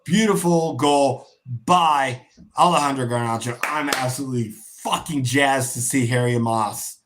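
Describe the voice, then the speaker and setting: Over background noise, a weary man calls a football match live on a casual watch-along stream, yawning as he goes. He curses freely, chants, and shouts whenever there's a goal. His voice is mid-range at a normal speed.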